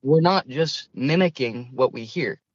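A man's voice: mid-range voice, a little slow, slightly rough, no echo, dull audio. A young man, a student guest in an interview, speaking earnestly and somewhat hesitantly. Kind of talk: conversational interview.

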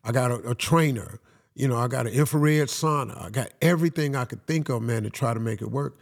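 A man's voice: mid-range voice, fairly quick. A man as a guest in an interview, telling his story in a folksy, casual way and often saying "man".

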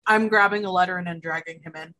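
Female player, low voice, playful casual chat at the game table. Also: steady tone, fairly quick, pushed and bright, poor audio. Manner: laughing, playful, eager.

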